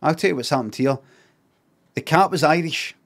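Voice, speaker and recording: A man's voice: on the high side, moderate pace, a bit bright. Sweary Scottish man musing aloud. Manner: rambling, repetitive, sweary musing. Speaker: streamer. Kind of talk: casual live-stream reaction.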